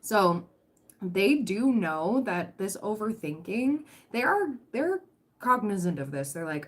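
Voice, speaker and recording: This livestream tarot reader has a medium-pitched voice with lively intonation and a moderate pace. Her reading is chatty and soothing, full of fillers and false starts, with a dry throat that catches now and then.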